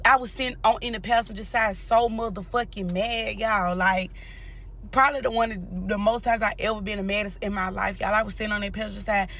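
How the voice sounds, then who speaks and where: A young woman with a drawl tells her story to viewers in a casual, blunt way, cursing freely and repeatedly addressing the listener directly. Her voice is medium-pitched and fairly bright, with a steady tone and a fairly quick pace.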